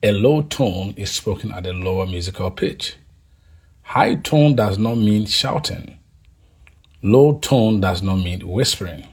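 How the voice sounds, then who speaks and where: A man teaching a language lesson, drilling tones slowly and deliberately, leaving pauses for the listener to repeat after him. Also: on the low side, a little mellow, husky. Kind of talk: scripted pronunciation lesson.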